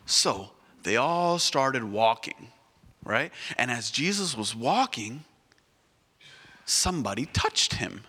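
A man's voice: medium pitch, a little slow, slightly rough. A man telling a Bible story to children at church, asking them questions as he goes. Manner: animated, asks the children questions. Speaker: children's sermon leader. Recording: echoey church hall.

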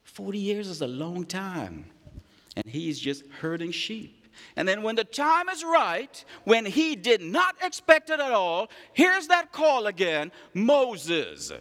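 A male preacher giving an animated sermon, calling on the congregation to respond and acting out stories. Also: high-pitched, takes it slowly. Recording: long hall reverb.

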